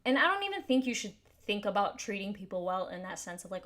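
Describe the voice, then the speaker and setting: A woman's voice: mid-range voice, fast talker, a bit bright. A woman giving casual spoken commentary to camera, earnest and thinking aloud, with frequent restarts and fillers like "like" and "you know". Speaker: commentary YouTuber.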